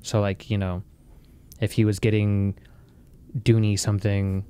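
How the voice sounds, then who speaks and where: A man's voice: lowish voice, little pitch movement, a little slow, dark tone, clear, resonant tone. A young man talking as a podcast guest in casual chat, laid-back and matter-of-fact.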